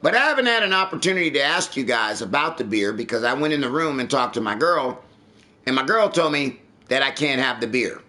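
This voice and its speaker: A man's voice: medium pitch, very animated, brisk, sharp tone. A man streaming live, chatting casually and ranting with lots of swearing. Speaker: livestreamer. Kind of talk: casual livestream chat.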